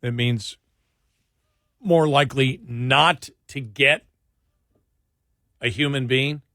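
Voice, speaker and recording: A man's voice: medium pitch, slow pace, pushed and bright, no room sound, clean studio sound. A man hosting an overnight radio talk show, reading a list aloud and trading quips, his speech speeding up when he gets annoyed. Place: radio studio. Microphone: studio microphone.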